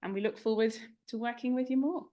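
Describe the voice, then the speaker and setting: A woman chairing a review, giving an informal, rushed closing speech of thanks at a launch event. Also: on the high side, muffled recording. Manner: chatty, informal, rushing through thank-yous.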